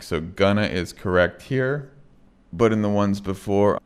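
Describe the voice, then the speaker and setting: A man with an American accent teaching English pronunciation in a video lesson, speaking deliberately and repeating example sentences slowly to show how they sound. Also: low-pitched, smooth.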